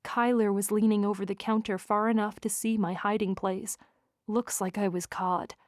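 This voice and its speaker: A woman reads a first-person romance audiobook with expressive, wry delivery at a middling pitch. The recording is dry and close, with no room around it. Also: normal speed, dry recording. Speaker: audiobook narrator.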